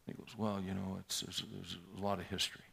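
A man's voice: deep voice, monotone, fairly quick, vocal fry, pushed and bright, breathy edge. A man in his sixties preaching a sermon, telling a story and acting out a tense confrontation with rising force. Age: 60s. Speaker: pastor.

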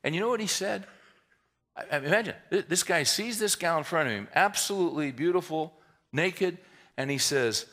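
A male pastor delivering a sermon with a gravelly, rough edge in his voice. His tone is bright and forward, and he preaches animatedly, slipping humorous asides into the teaching. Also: on the high side, animated, normal speed.

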